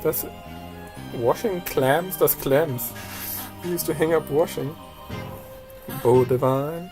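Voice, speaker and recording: A let's player giving casual commentary, reading game text aloud and adding quick chatty asides. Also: mid-range voice. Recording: loud game music behind the voice.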